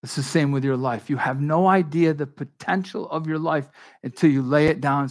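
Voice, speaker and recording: A man preaching a sermon in a conversational, animated way, acting out the dialogue of Bible figures. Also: on the high side, fairly quick. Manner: conversational with frequent restarts and asides. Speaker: pastor.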